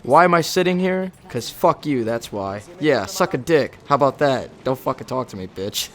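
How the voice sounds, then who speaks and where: A man's voice: medium pitch, lively intonation, moderate pace, hardly any pauses, fairly bright tone. A young American man, once a Marine, reading his old journal entries aloud over gameplay commentary. He swears freely and laughs at himself. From United States. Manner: profane, sardonic, laughs at himself.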